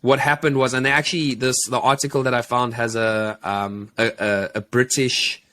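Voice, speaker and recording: Male podcast co-host, casual storyteller, loose and filler-heavy, average pitch. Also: flat delivery, moderate pace, pushed and bright. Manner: rambling, many fillers and restarts.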